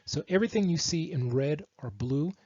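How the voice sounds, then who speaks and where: A man's voice: fairly high pitch, animated, normal speed, darkish tone, husky, no echo, dull audio. A man explaining Hebrew text and translation from slides, talking with frequent fillers and restarts. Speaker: teacher of Hebrew texts. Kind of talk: slide-based lecture. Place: lives in Israel.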